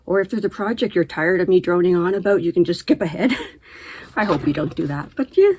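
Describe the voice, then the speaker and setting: A woman's voice: fairly low pitch, fairly quick, darkish tone, a little hiss or hum. A middle-aged woman hosting a knitting video, chatting casually to camera and laughing easily as she talks. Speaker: knitting podcast host.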